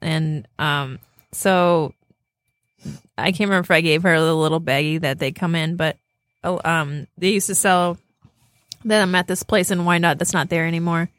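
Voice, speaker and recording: A woman's voice: lowish voice, steady tone, normal speed, fairly bright tone, no room sound, clean studio sound. A woman co-hosting a casual podcast chat, telling stories with lots of laughter and acted-out quotes. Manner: laughing storyteller, acts out quotes. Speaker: podcast co-host.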